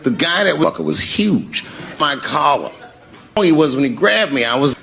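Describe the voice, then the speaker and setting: Middle-aged man, stand-up comic, lively swinging pitch, slightly high voice, long reverberant hall, steady background noise. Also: a little slow, gravelly. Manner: animated storytelling, shouted punchlines and acted-out voices. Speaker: stand-up comedian. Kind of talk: stand-up routine. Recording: echoey large venue with background noise.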